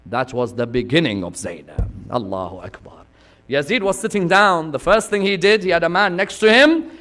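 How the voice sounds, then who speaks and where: Impassioned high-voiced male preacher. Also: big pitch swings, moderate pace, faint music behind. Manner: dramatic, swinging from loud cries to hushed asides, rhetorical questions. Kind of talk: impassioned religious sermon.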